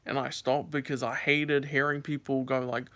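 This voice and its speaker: This young vlogger talks to camera at a normal speed with a flat delivery and a sharp tone, over slight background noise. He rambles through stories with plenty of fillers, his voice leaping high and squeaky whenever he acts out a scare.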